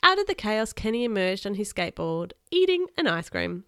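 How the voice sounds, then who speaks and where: Give me a woman reading a children's book aloud, expressive, recorded dry and close. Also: mid-range voice, brisk, clear, resonant tone, no room sound. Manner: expressive, chatty asides to viewers. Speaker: storybook reader.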